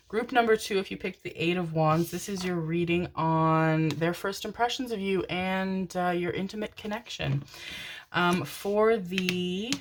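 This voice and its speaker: Chatty low-voiced woman reading tarot. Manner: chatty, effusive, swears casually. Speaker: tarot reader. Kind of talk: casual tarot reading to camera.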